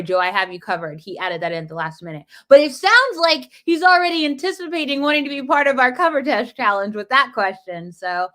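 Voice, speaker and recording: A woman's voice: mid-range voice, bright, forceful tone. Supportive woman co-host reading questions. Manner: supportive, reads questions aloud and affirms. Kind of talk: live Q&A chat.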